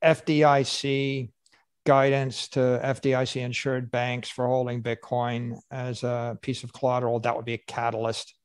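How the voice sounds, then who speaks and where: A man moderating a conference panel, laying out points deliberately and with emphasis. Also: medium pitch, level tone, clear, resonant tone, no echo.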